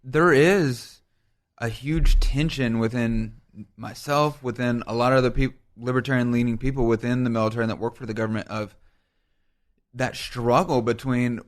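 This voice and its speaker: A man talking as a guest on a podcast in a measured, reflective way during a casual political discussion. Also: mid-range voice, fairly even intonation.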